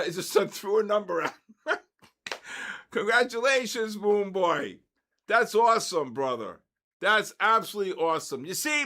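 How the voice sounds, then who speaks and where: A man with a fairly high voice hosts a live online session, drawing giveaway numbers out loud. He talks in an unhurried way and bursts into excited exclamations. His chat is loose and casual, full of shout-outs. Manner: excitable, calls out numbers and names, exclaims loudly. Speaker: livestream host running a giveaway.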